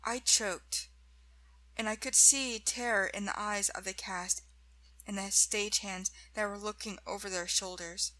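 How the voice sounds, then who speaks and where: A woman slowly narrating a first-person horror story in a measured way. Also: medium pitch, steady tone, sharp tone, low-quality recording.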